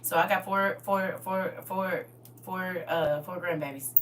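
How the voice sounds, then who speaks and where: A woman's voice: on the low side, steady tone, measured pace, fairly bright tone, far from the mic, a little hiss or hum. A middle-aged woman chatting on her livestream, playful and boisterous, laughing often. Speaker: livestream host. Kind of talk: casual livestream chat. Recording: voice from away from the mic.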